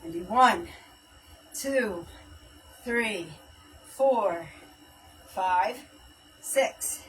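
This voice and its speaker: A woman's voice: medium pitch, expressive, drawn-out words, a bit bright, distant mic, slight background noise, poor audio. A woman hosting a live home workout stream, counting reps aloud and chatting casually while she exercises, a little out of breath. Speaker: fitness livestream host. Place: home workout space, livestream.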